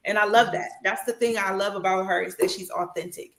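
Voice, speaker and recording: A woman's voice: medium pitch, fairly quick, few pauses, sharp tone, roomy sound, rough recording. A woman in casual podcast chat, emotional and blunt, swearing freely and laughing often, over a video call. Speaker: podcast guest.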